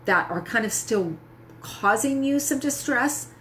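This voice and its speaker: A woman's voice: a little high, lively intonation, measured pace, fairly bright tone, a little hiss or hum. A middle-aged woman health coach talking casually and candidly to her audience, often tagging her points with "right?". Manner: candid, self-mocking, frequent "right?" asides. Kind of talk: casual talk to camera.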